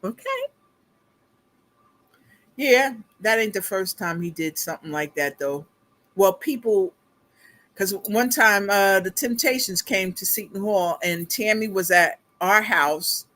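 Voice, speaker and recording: A middle-aged woman hosting a casual livestream, telling a family story in a chatty, animated way, laughing along and calling her viewers y'all. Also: medium pitch, slow pace, long pauses. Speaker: beauty consultant livestream host.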